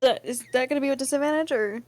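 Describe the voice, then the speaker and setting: A woman playing in a tabletop game, chatty and quick to react. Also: sits high, slight background noise. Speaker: player. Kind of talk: casual tabletop game chat.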